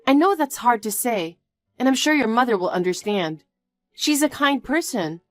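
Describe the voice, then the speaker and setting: A woman doing a high, pleading young woman. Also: lively intonation, normal speed, dry recording, soft background music, close to an everyday voice. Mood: reassuring. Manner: pleading and incredulous. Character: earnest young woman, anxious, easily hurt fiancée.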